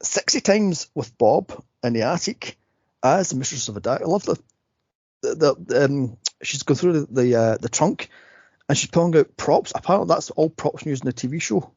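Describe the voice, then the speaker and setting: A man talking through films on a podcast, his voice husky and gravelly, sitting a little high and swinging widely in pitch. He rambles and laughs as he retells scenes. The audio is dull and lo-fi. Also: expressive, normal speed, darkish tone, no echo. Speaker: podcast host. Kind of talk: casual movie podcast chat.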